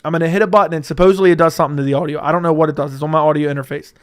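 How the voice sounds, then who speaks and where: A young man hosting a casual livestream from a room at home, talking close into a studio mic, joking and crude, with sudden loud bursts. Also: on the high side, fairly even intonation, very fast, clean tone. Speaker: livestream host. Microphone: close studio mic with audio interface.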